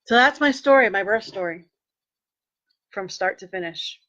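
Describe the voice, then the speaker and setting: A woman telling a personal story in a lively way, acting out what people said and turning earnest when she speaks of faith. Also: mid-range voice, normal speed, lo-fi sound. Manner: animated, acts out quoted dialogue. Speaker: vlogger sharing a personal testimony.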